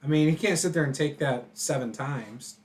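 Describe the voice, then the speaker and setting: A man's voice: on the high side, moderate pace, crowd noise. A man running a tabletop game as game master, describing the action casually with fillers and laughs.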